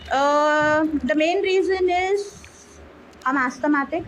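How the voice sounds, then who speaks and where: A woman with an Indian English accent in a casual English-practice conversation, talking quickly and chattily with many "like, you know" fillers. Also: sits high, a bit bright, slight background noise. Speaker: conversation partner.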